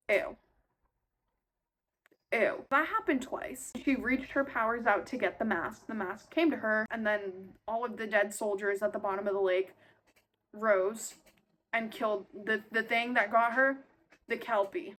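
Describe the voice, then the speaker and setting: A young woman giving an excitable, casual recap of a book she is reading, full of fillers and swearing. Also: medium pitch. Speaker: book vlogger.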